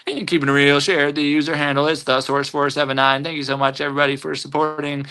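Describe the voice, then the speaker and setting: A man hosts a casual live stream and talks through the chat with an upbeat, chatty energy. His voice is bright and forward and sits on the higher side, and he often stumbles and repeats words as he goes. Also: level tone, quick pace, clean tone.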